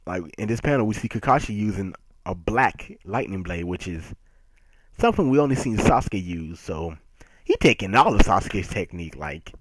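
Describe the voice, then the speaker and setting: Brief: low-voiced male reviewer, emphatic and joking, dry close sound. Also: normal speed, no echo. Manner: animated and emphatic, laughs often. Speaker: manga reviewer. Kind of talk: casual chapter review.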